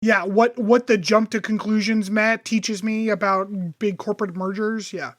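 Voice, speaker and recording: A man co-hosting a podcast, chatting casually and ranting in a profane, animated way. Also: high voice, normal speed, no echo, studio quality. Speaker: podcast co-host. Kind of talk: casual chat.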